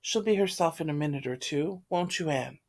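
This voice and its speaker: A woman reading the part of a gentle, protective mother in a play read aloud, speaking in a soft, calming way. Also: sits low, a little fast. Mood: soothing.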